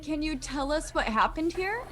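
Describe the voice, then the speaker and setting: Reva, a woman playing a gentle ship diplomat. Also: high voice, expressive, moderate pace.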